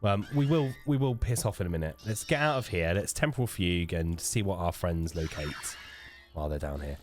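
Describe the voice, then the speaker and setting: A man with a low, brisk, slightly mellow voice hosts a let's play. He chats casually to himself as he plays, muttering, swearing and cracking jokes.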